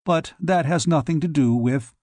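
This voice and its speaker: A stiff, pompous gentleman who guards his dignity and speaks in prim, formal phrases, as a man reading an audiobook puts him on. The voice sits a little high and the recording is dry and close. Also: normal speed, dry recording, lightly acted. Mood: indignant. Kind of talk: audiobook character voice.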